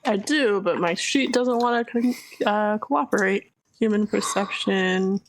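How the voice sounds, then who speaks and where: A woman at a middling pitch chats casually as a player in a tabletop game. She often stops to search for her words. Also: rough recording. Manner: chatty, halting, many fillers.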